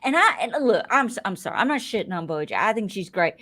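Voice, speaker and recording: A woman co-hosting a casual reality-show recap podcast, brash and profane, mocking people with quick impressions. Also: medium pitch, very animated, sharp tone. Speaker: podcast co-host.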